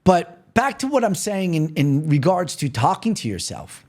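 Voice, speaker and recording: A man's voice: a little high, sing-song, normal speed, a little mellow. A man from New York hosting a podcast, talking earnestly and repetitively straight to the listener in a motivational monologue. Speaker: podcast host.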